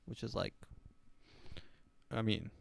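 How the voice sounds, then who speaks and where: A man's voice: lowish voice, slow pace, creaky. A man hosting his own podcast, rambling through a crude, self-amused comedic monologue. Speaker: podcast host.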